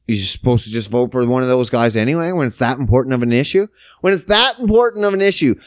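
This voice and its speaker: A man's voice: medium pitch, dry recording, studio quality. A man, hosting a podcast, ranting about politics, sarcastic and swearing constantly. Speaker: podcast host. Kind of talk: profane political rant.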